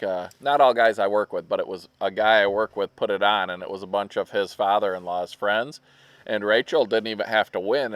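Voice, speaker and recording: A middle-aged man from Michigan, talking with a rural drawl on a casual podcast. He tells stories in a lively way and mimics other people's voices. His voice sounds dry and close, with almost no room echo. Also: fairly low pitch. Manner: animated storyteller, acts out others' voices. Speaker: podcast co-host. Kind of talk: casual chat.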